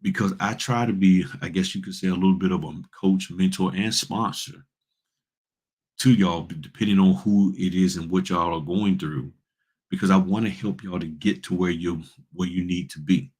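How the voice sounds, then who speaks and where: A man from Virginia hosting a casual livestream as a notary business coach, talking in an animated, slangy, preachy way and speaking straight to his chat. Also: low-pitched, moderate pace, slightly rough. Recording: livestream from home studio.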